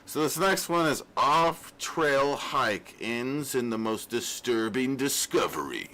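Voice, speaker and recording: Lively bright-voiced young man host. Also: medium pitch, takes it slowly, rough recording. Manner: joking, rowdy, laughs often. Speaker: podcast host. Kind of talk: casual livestream chat.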